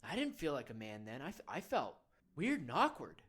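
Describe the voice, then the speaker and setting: A man's voice: medium pitch, huge pitch swings, moderate pace, a bit bright, slightly rough, heavily acted. A man playing an earnest men's-wellness guru. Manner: earnest, coaxing, rambling, prodding with "hmm?". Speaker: men's meditation guide. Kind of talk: comedic parody of guided meditation.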